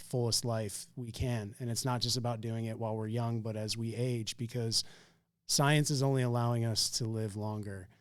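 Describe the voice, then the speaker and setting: A man's voice: medium pitch, no echo, clean studio sound. A man hosting a podcast, speaking in an earnest, effusive way. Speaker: podcast host. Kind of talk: conversational interview.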